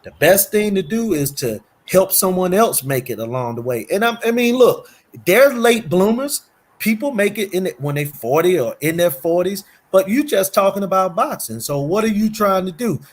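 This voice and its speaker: A middle-aged man makes his point earnestly in a relaxed conversation. His voice sits a touch higher than most men's, and he keeps returning to "you know" and "man". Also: moderate pace. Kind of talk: casual talk show discussion.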